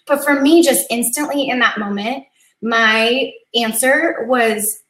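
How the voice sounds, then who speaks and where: A woman's voice: a little high, takes it slowly, fairly bright tone. A woman in her thirties hosting a casual live-stream chat, earnest and chatty, laughing easily and getting teary. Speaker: host of a live coffee chat. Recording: echoey room.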